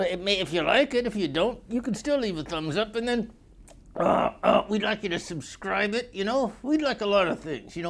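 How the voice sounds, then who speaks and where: Picture a man hosting his own comedy vlog, riffing crudely from one joke to the next. His pitch swings all over the place as he slips in and out of voices and a folksy drawl. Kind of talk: rambling comic monologue.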